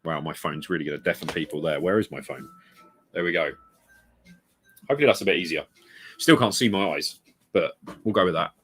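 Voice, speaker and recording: Low-voiced man rambling on a live stream. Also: a little fast, pauses often, fairly bright tone, breathy edge. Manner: rambling, reads out viewer comments and greets them. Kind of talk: casual live-stream chat. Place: home room full of retro games. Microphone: desk mic moved close.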